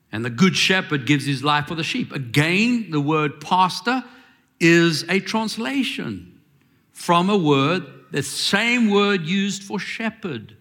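A man's voice: fairly high pitch, pushed and bright. A man preaching a sermon, asking questions and calling for the congregation's answers, with rising emphatic lines. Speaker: pastor.

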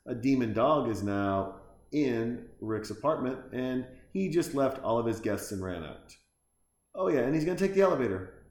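A man's voice: medium pitch, echoey room. A man giving casual, rambling commentary while watching a movie at home, swearing now and then. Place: home, lying on a couch.

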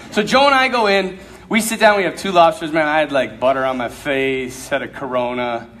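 A man's voice: fairly high pitch, normal speed, slight background noise. A man preaching, telling a funny story with lots of energy and laughing as he talks. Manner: animated, laughs through his story. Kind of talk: humorous sermon storytelling.

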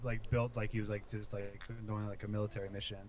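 A man's voice: fairly low pitch, flat delivery, quick pace, a little mellow, a little hiss or hum. Laid-back guy on a podcast, swears a lot, keeps quoting the movie. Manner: loose, swearing, quotes lines from the film. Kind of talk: casual chat.

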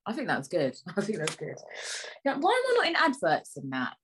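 A woman's voice: medium pitch, huge pitch swings, brisk, a bit bright, breathy edge, poor audio. A woman hosting a solo podcast, rambling in a chatty, joking, self-mocking way. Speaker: podcast host.

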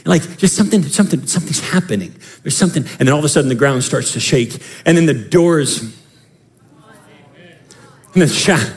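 A male pastor preaching a sermon in an animated, emphatic way, often repeating phrases. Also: a little high, a little fast, pauses often.

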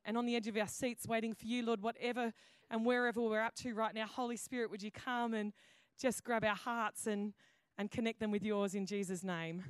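A woman pastor tells a story from the pulpit in a loose, chatty way, stopping and restarting her sentences. Her voice sits high, and the sound is dry and close. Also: clear, resonant tone, no room sound. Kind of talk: sermon. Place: church auditorium.

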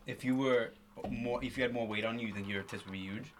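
A man's voice: medium pitch, steady tone, fast, slight background noise. A young man with a New York accent hosting a casual podcast, joking around with mock announcer intros. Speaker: podcast host.

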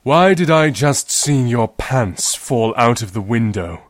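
A man voicing an exasperated dad who questions and yells from downstairs. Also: mid-range voice, animated, unhurried, no room sound, studio quality, natural voice. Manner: stern, exasperated, yelling. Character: exasperated middle-aged British dad.

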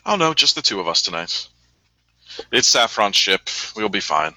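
A man takes part in a tabletop game over a voice call, chatty but faltering when he has to decide. His lowish voice is sharp and very bright. It sounds dry and close. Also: big pitch swings, normal speed, dry recording, rough recording. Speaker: player. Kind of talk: casual tabletop role-play. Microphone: online voice call.

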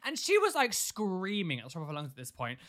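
Young co-host, casual and animated, lively bright delivery. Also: medium pitch, fast talker. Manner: animated, acts out angry customers in shouty voices. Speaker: podcast co-host. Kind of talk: casual storytelling chat.

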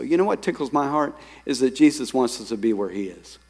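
A man preaching a sermon as pastor, lively, reading scripture and telling stories to his congregation. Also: mid-range voice, fast talker, hardly any pauses. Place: church sanctuary. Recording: long hall reverb.

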